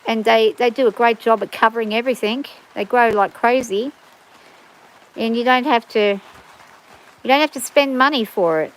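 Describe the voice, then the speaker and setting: A woman chats away on her farm livestream in an easy, rambling way, often restarting her sentences. Her voice sits a little on the high side for a woman. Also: normal speed, low-quality recording. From Australia. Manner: chatty, rambling, frequent restarts. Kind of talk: casual rambling chat.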